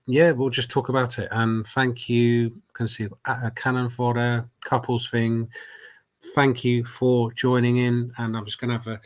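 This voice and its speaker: A man's voice: medium pitch, little pitch movement, moderate pace. A man with a cold hosting a casual live football reaction stream at home, rambling with many fillers and restarts. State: has a cold. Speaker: football fan channel host. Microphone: desk mic at a laptop.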